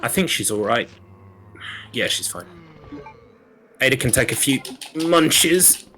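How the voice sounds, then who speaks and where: A man's voice: mid-range voice, animated, slow pace, sharp tone, faint music behind. A man racing in a video game, chatting casually on a live stream, rambling, self-deprecating and swearing freely. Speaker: speedrun racer.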